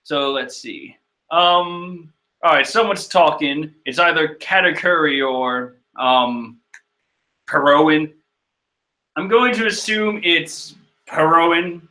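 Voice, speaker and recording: A man giving casual, animated commentary on a manga chapter, exclaiming and joking in disbelief. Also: on the high side, slow. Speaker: manga reader and reviewer.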